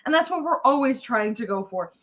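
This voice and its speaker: A woman, a winery co-founder, telling stories in a lively, chatty way during a casual interview. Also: high-pitched, brisk.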